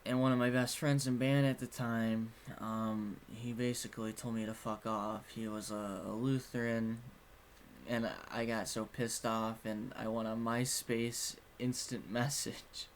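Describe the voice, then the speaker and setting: A man's voice: medium pitch, little pitch movement, unhurried, a little hiss or hum. Young man rambling frankly through a story. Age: young adult. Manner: rambling, frank, swears casually. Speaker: vlogger. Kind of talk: casual personal storytelling.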